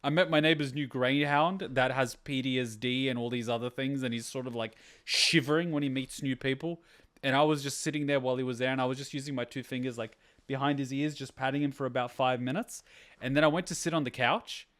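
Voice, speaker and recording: A man hosting an anime reaction video, chatting casually, excitable, with loose rambling anecdotes and free swearing. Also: mid-range voice, a little fast.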